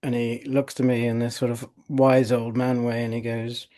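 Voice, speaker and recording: In an interview, a male osteopath in his fifties tells an anecdote about a case, rambling with plenty of fillers and restarts. His mid-range voice is warm, with a level tone and normal speed.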